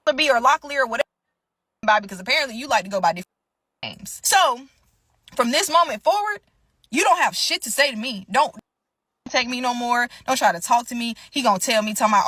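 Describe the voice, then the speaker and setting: A young adult woman telling an emotional storytime monologue, animated and indignant, often turning to her listeners as y'all. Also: sits high, fairly quick, no echo.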